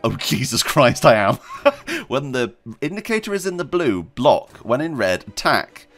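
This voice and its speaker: A man commenting as he plays a video game, chatty and excitable, often squealing with delight. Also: medium pitch, measured pace. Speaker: gaming video host. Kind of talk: let's play commentary.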